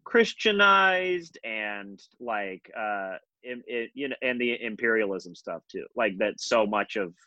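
A man's voice: lowish voice, animated, slow pace, few pauses, sharp tone, no echo, lo-fi sound. A young man co-hosting a casual podcast chat, rambling with many fillers and restarts. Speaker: podcast co-host.

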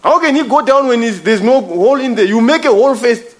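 A man's voice: very high voice, expressive, a little fast. A man preaching a sermon, emphatic and repetitive, calling his listeners brother. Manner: emphatic, repeats phrases, addresses listeners as brother.

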